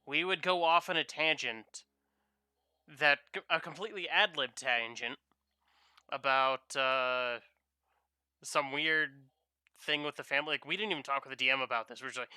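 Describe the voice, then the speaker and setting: A man's voice: mid-range voice, fairly even intonation, normal speed, long pauses, pushed and bright, clean tone, no echo, studio quality. A young man chatting casually while drawing on stream, telling playful, rambling stories. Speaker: streaming artist.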